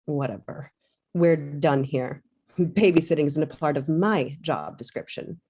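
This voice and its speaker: Lady reading a stern fifty-something company lawyer, low-ish voice, curt. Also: a little slow, mellow, husky, exaggerated voice. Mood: dismissive. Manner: curt, dismissive. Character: stern woman corporate lawyer in her fifties. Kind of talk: live comedy table read.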